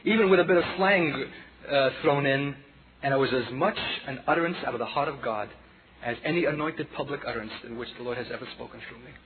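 Brooklyn preacher on a tinny recording. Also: male voice, medium pitch, fast talker, a loud crowd. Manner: dramatic storytelling, swinging from loud to hushed; addresses the congregation as children. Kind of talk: sermon. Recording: tinny phone-like sound with audience.

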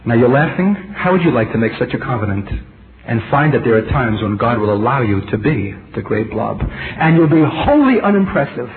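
A man's voice: medium pitch, big pitch swings, fairly quick, vocal fry. A middle-aged man delivers a sermon with intense emphasis, his voice sinking to a near whisper and then surging. He speaks in an ordinary middle register and keeps turning to the congregation with rhetorical questions. The sound is thin and phone-like, with a light hiss underneath. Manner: intense, emphatic, swings between loud and hushed. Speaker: preacher. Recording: tinny lo-fi tape with faint hiss.

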